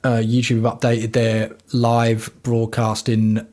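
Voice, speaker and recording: A man's voice: mid-range voice, completely flat delivery, slow pace, darkish tone. A man hosting a casual livestream from home, talking bluntly and rambling with plenty of swearing. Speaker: livestream host.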